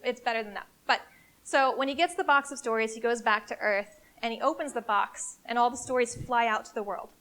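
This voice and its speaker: A woman with a somewhat high voice gives a live conference talk. She is energetic and emphatic, speaking casually and directly to the audience in the room. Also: a little fast. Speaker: CEO giving a marketing presentation.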